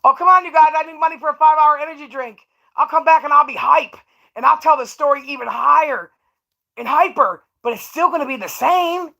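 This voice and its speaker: A woman's voice: high-pitched, brisk, vocal fry, bright, forceful tone, voice pushed up, heavily acted. A woman voicing a man streamer who whines and pleads for cash, in a whiny, pleading voice. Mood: whiny begging.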